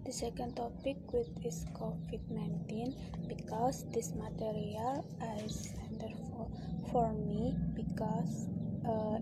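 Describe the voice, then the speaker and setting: A woman gives a halting class presentation, reading word lists and stumbling over words. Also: fairly high pitch, poor audio. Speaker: student presenter.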